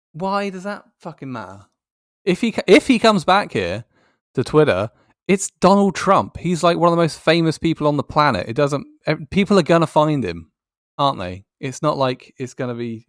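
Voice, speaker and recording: A man's voice: mid-range voice, dry recording, studio quality. A man giving casual, sardonic commentary on tweets, swearing and laughing as he goes. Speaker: YouTuber.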